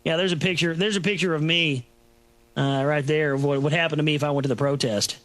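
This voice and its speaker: A man's voice: fairly high pitch, steady tone, quick pace, fairly bright tone. A man hosting a talk show, rambling through a sarcastic, mocking solo commentary. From Texas.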